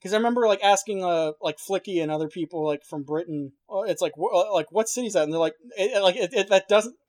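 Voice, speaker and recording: Man, higher-pitched, rambling, profane, lots of "like", casual podcast chat. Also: fast, darkish tone, dry recording. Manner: rambling, profane, many fillers and restarts. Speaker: podcast co-host.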